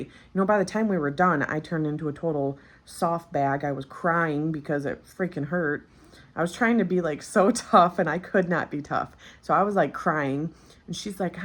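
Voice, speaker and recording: Vlogger, woman in her 30s, low voice, candid and chatty, fresh from childbirth. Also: moderate pace. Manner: candid, chatty, frequent fillers. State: recently postpartum. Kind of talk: casual storytelling.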